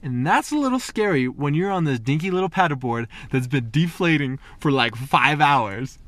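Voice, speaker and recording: Profane, animated young man telling a story. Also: fairly high pitch, moderate pace, no room sound. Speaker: vlogger. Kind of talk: casual storytelling.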